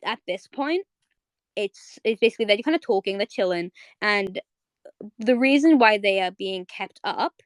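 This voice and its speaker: On a streaming audio mic with no echo, a young woman host of a live audio chat excitedly recaps her favorite cartoon episode. Her mid-range voice moves at normal speed as she rambles, filling gaps and restarting again and again.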